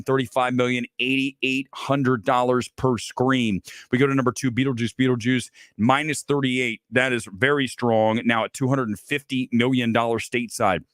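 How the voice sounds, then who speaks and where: A man's voice: mid-range voice, no room sound, clean studio sound. A man hosting a casual film talk show, ranting bluntly and sarcastically, swearing freely. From Los Angeles area resident. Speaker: host.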